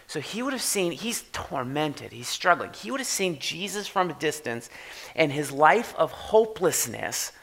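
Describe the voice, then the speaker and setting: A man preaching a sermon in a conversational way, often checking in with "right?" and swinging from quiet to loud for emphasis. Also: a little high, vocal fry. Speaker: pastor.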